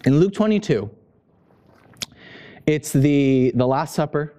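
A man preaching with passion, his voice swinging lively between high stresses and low, gentle stretches. The tone is warm and mellow, never sharp, and he presses hard on each key point. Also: slow pace. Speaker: pastor. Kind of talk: sermon.

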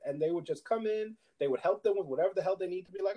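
A young man co-hosting a podcast, chatting casually and telling animated stories, acting out other people's lines. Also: quick pace, few pauses, poor audio. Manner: animated storyteller, acts out his wife's lines in a higher voice. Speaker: podcast co-host. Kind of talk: casual chat.

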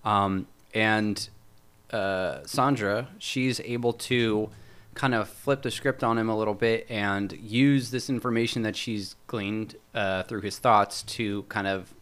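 A podcast host recaps a TV episode casually, rambling with plenty of fillers and acting out the characters' lines. His lowish voice is smooth and a bit bright, slow, with fairly even intonation.

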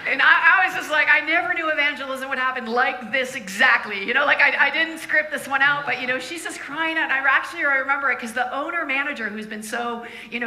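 Lively high-voiced woman preaching. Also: a little fast, few pauses, reverberant. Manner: lively, laughing, acts out quoted voices. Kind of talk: sermon storytelling.

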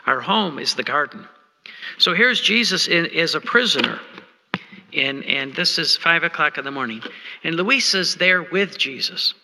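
A man doing an earnest, halting devotional reading in short phrases. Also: fairly high pitch, lively intonation, bright, forceful tone. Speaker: devotional reader. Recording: long reverb in a large hall.

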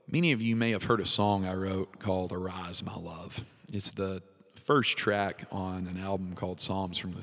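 Heartfelt low-voiced man in echo. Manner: casual, heartfelt, expressive, laughs often. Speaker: podcast host, worship leader. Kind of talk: devotional teaching talk.

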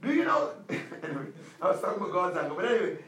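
Male pastor, sermon delivery, insistent repeated commands, high voice, roomy distant sound. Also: sing-song, a bit bright. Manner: emphatic preaching with repeated commands, slowing for stress.

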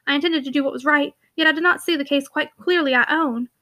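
Woman doing timid older lady, hesitant, apologetic, high bright voice, quick, audiobook. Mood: anxious. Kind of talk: audiobook reading.

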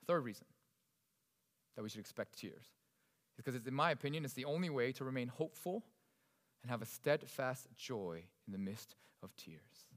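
A male pastor delivering a sermon, swinging between loud emphasis and hushed, soft passages. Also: mid-range voice, animated, normal speed, pauses often, big-room sound.

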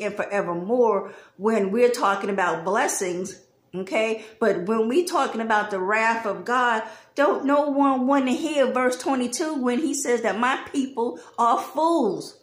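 A woman's voice: a little high, reverberant. A woman giving a casual Bible study, chatty and laughing, acting out lines in a sassy voice. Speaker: Bible teacher.

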